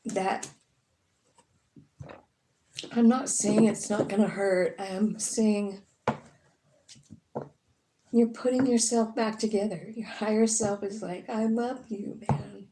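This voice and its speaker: Woman, tarot reader, casual and profane, unhurried, roomy echo. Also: medium pitch, steady tone, noisy background. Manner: frank and profane, many fillers.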